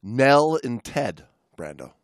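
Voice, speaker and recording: A man's voice: medium pitch, big pitch swings, slow, no room sound, clean studio sound. A man co-hosting a podcast in casual chat, joking and teasing his partner. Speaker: podcast co-host.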